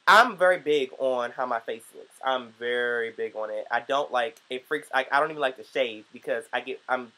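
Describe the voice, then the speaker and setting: A man in a casual commentary vlog who talks straight to his viewers. He is sassy and playful, and his voice sits at an average pitch but swings widely with lively emphasis. His big reactions jump up into high squeals. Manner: sassy and animated, with sudden high squeals on exclamations. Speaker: vlogger.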